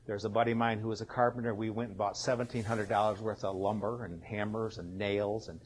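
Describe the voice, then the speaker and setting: A man in his sixties, a company founder, telling his own story in a lively way and acting out the voices of people he met. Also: on the low side, fairly quick, a little hiss or hum. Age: 60s. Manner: animated, acts out quoted dialogue. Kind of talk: personal storytelling.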